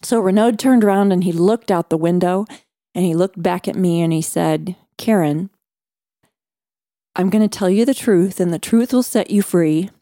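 A woman guest on a faith podcast, earnestly telling a personal story with measured pauses. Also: lowish voice, warm tone, dry recording, studio quality. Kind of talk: storytelling interview.

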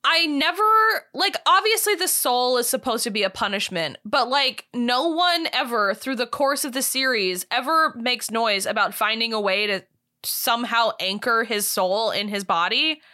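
A woman's voice: fairly high pitch, expressive, normal speed, sharp tone. A woman co-hosting a podcast in casual chat, outspoken and easily exasperated, swearing now and then. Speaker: podcast co-host.

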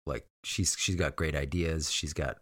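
A man co-hosting a podcast, talking casually about players with relaxed hedging fillers. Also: rumbling low, measured pace, slightly rough, dry recording, clean studio sound. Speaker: podcast co-host. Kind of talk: casual sports chat.

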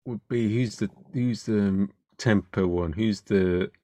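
Man, comedian guest, casual chat, hesitant, slow, dry close recording. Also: on the low side, dark tone, no room sound. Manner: hesitant, many fillers and restarts while thinking.

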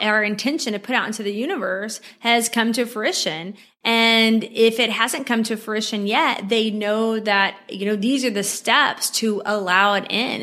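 A woman in her forties, a coach chatting casually with viewers about her own life, heartfelt and quick to laugh, her voice leaping up when she gets excited. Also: medium pitch. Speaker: manifestation and tapping coach. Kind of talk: casual personal storytelling to viewers.

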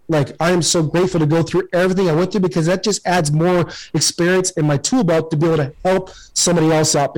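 A man in his forties speaking with a fairly high pitch as he tells his story on a podcast. His delivery is earnest and emphatic, with the motivational push of a former athlete who wants to lift people up. He often doubles back and repeats words as his feeling builds. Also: poor audio. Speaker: podcast guest, former pro baseball player.

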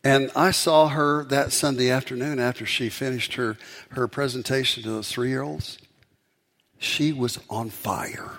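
A male pastor delivers a sermon through a long personal story. His voice sits at a mid pitch. He builds to forceful, emphatic peaks. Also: fairly even intonation, unhurried, gravelly.

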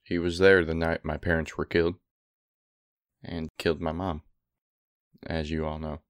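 A man playing his character at a tabletop game, speaking in a halting, hesitant way. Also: extremely low pitch, level tone, dry recording, clean studio sound. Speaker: player.

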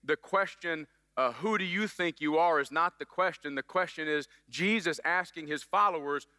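A man's voice: fairly high pitch, normal speed, bright, forceful tone, long reverb tail. A middle-aged man preaching a sermon as pastor, upbeat and joking with the congregation in a church. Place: church sanctuary.

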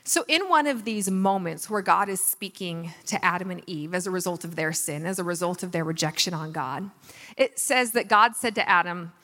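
A woman in her forties giving an earnest, animated faith talk, laughing at herself now and then. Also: lowish voice, normal speed, in a large hall. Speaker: Christian speaker. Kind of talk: faith talk on money and tithing.

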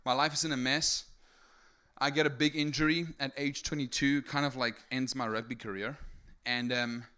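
Young man from South Africa, testimony sermon, bright forceful voice, keeps checking in with the crowd. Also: mid-range voice, moderate pace, clear, resonant tone. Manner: energetic storytelling with many rhetorical "right?" tags. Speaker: speaker giving testimony. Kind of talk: sermon testimony to a live audience.

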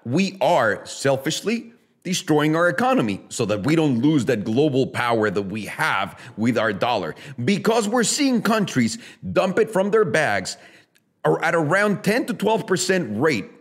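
A man hosting a casual solo podcast, ranting bluntly with heavy swearing and throwing rhetorical questions straight at his listeners. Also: fairly high pitch. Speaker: podcast host.

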